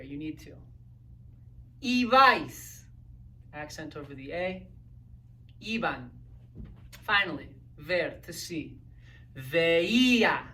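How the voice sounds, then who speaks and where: A woman's voice: low voice, bright, forceful tone, recorded from a distance. A woman teaching a Spanish grammar lesson, patiently drilling words and checking in with "right?" and "okay?".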